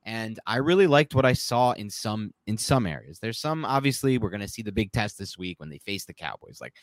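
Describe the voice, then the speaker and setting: Male sports podcast host, animated and opinionated, very dry close-miked sound. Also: lowish voice, no room sound. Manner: animated, opinionated, laughs mid-sentence. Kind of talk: casual sports talk.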